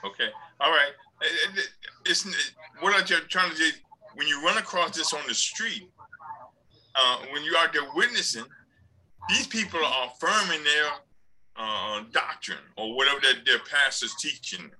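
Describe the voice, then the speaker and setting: A man's voice: a little high, normal speed, pushed and bright, rough recording. A man leading a church Bible study discussion, playing a doubtful convert to make his point.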